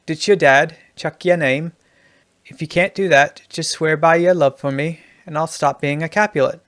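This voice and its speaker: A man reading Juliet's lines in a put-on Australian accent, louder and breezy with slang. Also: a little high, normal speed, natural voice.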